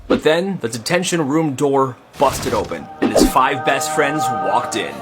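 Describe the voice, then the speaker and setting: A man narrating comedic school stories in a casual, animated way, slipping into character voices. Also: mid-range voice, normal speed, hardly any pauses. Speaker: storyteller. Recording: music playing behind.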